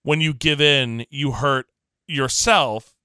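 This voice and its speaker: A male podcast co-host in casual, animated chat, laughing easily and slipping into quoted voices. His voice is bright and crisp, recorded close and dry with no room sound. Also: medium pitch, slow pace, dry recording.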